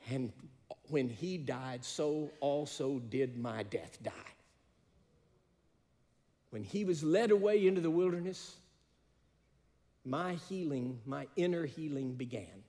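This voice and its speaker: A man's voice: mid-range voice, expressive, slow, long pauses, dark tone, big-room sound. A man preaching a sermon, telling stories and building to emphatic peaks. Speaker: pastor.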